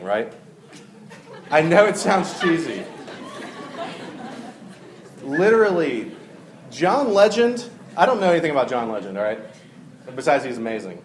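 A man's voice: fairly high pitch, sing-song, unhurried, pauses often, reverberant, some chatter behind, a little hiss or hum. A man preaching a casual sermon, telling stories and speaking directly to his listeners.

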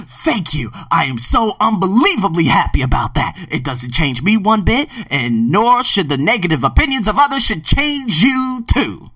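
Animated male podcast host, bright tone. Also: moderate pace, hardly any pauses, no echo, far from the mic. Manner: animated, emphatic, swings from loud outbursts to low murmurs. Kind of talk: podcast book review monologue. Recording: dry, set back from the mic.

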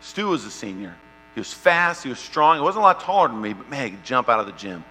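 A man preaching a sermon and telling a personal story, shifting between loud, lively stretches and quiet, hushed ones. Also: medium pitch, quick pace. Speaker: pastor. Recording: long hall reverb, faint mains hum.

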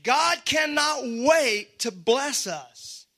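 High, bright-voiced preaching pastor. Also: male voice, animated, very slow. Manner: preaching with rising shouts and laughter, playful asides. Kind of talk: sermon. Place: church stage before a congregation.

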